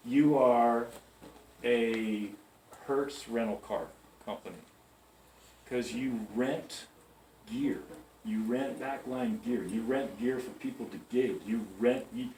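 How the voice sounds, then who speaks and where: A man speaks slowly in a warm, mid-range voice, giving new staff at a large music store a pep talk full of chatty stories and checking in with his listeners. He's recorded from far away in the echoey store, with slight background noise.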